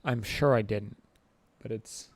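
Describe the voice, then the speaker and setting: A man's voice: fairly low pitch, slow. A man hosting a casual livestream, rambling with many fillers and frequent chuckles. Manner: rambling, full of fillers and restarts, chuckling often. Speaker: channel host livestreaming to chat.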